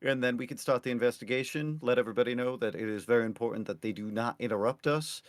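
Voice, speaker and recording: A man's voice: mid-range voice, steady tone, fast talker, no room sound. A man playing a tabletop game, speaking hesitantly with many fillers. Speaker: player. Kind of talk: tabletop role-play.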